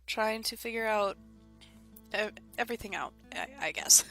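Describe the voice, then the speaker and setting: A woman's voice: mid-range voice, normal speed, a bit bright, soft background music. A congested woman hosting a gaming video, chatting casually and reading the game's text aloud in a rambling way. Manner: chatty and rambling, with small laughs.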